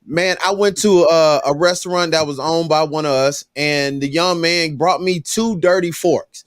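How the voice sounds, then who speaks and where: A man with a notably high voice, chatting on a podcast. He tells stories with emphatic, sermon-like conviction. The sound is dry and close. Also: fairly even intonation, normal speed, no echo. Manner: emphatic storyteller, preachy. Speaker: podcast co-host. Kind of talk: casual chat.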